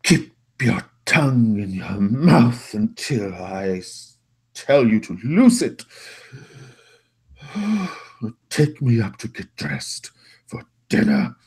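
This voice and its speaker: A man putting on a frail old aristocrat, guilt-ridden and cruel, in a tabletop role-play. The voice is pushed up high and loud, quavering into haughty, wailing outbursts with a breathy edge. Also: very animated, slow pace, pauses often, full character voice. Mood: haughty, furious.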